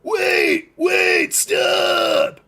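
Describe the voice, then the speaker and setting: A man voicing a boastful, lecherous rich husband, growling and shouting like a showy wrestler in a comic reading. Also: high voice, wildly swooping pitch, extremely slow, creaky, breathy edge, exaggerated voice. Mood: alarmed. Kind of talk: comic voice acting while reading a webcomic live.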